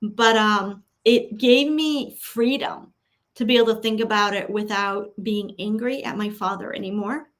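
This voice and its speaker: A woman acting as a spiritual guide, earnestly leading listeners through a slow, repeated affirmation exercise and spiritual talk. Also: mid-range voice, fairly even intonation, fairly bright tone.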